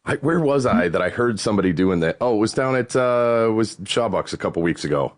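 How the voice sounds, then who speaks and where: A man's voice: fairly quick, no echo, studio quality. A man co-hosting a podcast in casual chat, rambling and swearing casually. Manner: rambling, swears casually, lively rises in pitch. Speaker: podcast co-host.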